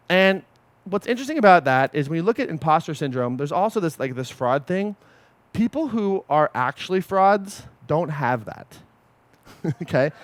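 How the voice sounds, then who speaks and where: A man coaching a group in a casual, animated way, swearing often and checking in with his listeners. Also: a little high, no room sound. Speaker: podcast host and coach.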